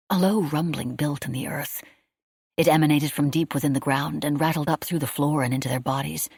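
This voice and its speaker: A woman reading a wartime novel aloud as an audiobook, in a steady, measured storytelling manner. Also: sits low, breathy edge, dry recording, clean studio sound. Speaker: audiobook narrator. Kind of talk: scripted audiobook narration.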